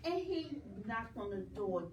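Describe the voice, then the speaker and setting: A woman reading a children's story aloud at a library storytime, animated and coaxing the children to join in. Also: a little high, measured pace, lo-fi sound. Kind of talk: reading a picture book aloud to young children. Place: library program room, indoors. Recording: echoey room, mic from far off, noisy.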